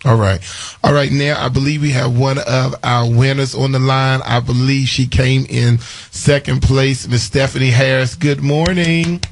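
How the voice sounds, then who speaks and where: A man's voice: mid-range voice, little pitch movement, normal speed, vocal fry. A man hosting a morning radio call-in show, effusive and full of thanks, repeating names as he talks. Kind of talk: casual call-in radio chat.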